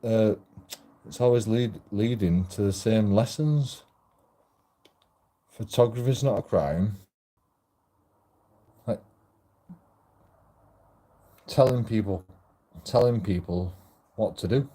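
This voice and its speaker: Low, very dark-voiced rambling man. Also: slow, long pauses. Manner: rambling, profane, self-interrupting. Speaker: auditor vlogger. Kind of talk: rambling casual monologue. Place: outdoors while walking.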